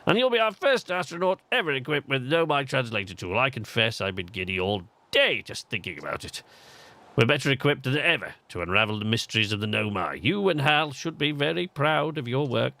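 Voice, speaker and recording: A man's voice: mid-range voice, lively intonation, a little fast, vocal fry, no room sound. A man putting on an upbeat English alien astronomer. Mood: encouraging. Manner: warm, encouraging, chatty. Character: cheerful male alien astronomer, friendly mentor.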